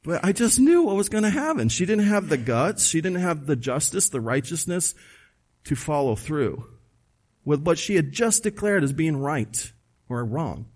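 Man, pastor, sermon, emphatic, conversational, rhetorical questions, somewhat higher voice. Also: very animated, moderate pace, a little mellow.

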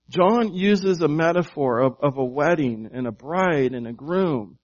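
A man's voice: on the high side, measured pace, hardly any pauses, dull audio. A man preaching a sermon in a conversational way, asking the congregation questions and often repeating his words. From United States. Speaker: pastor.

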